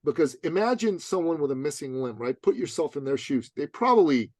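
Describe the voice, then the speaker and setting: Podcast guest, male, slightly high voice, emphatic and slangy, acts out dialogue, dry close sound. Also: big pitch swings, fairly quick, breathy edge, no room sound. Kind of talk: animated storytelling.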